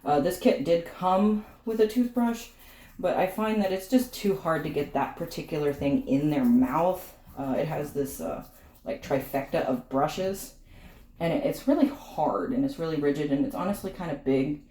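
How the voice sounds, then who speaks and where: Woman chatting and teasing her dog while she grooms it, mellow low voice, kinda sweaty. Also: moderate pace. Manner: chatty, teasing, talks to the dog and viewers in turn. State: sweaty from the effort. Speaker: vlogger grooming her dogs. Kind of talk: casual chat while working. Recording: echoey room with faint clipper hum.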